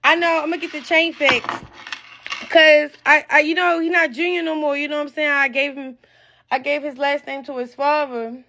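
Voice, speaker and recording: A woman talking casually on a live stream, rambling and excitable, full of slang and losing her train of thought. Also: high voice, moderate pace, creaky.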